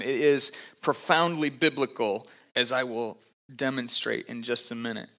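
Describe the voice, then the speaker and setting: A man, a pastor, giving a relaxed, conversational sermon with frequent fillers and asides. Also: mid-range voice, a little slow.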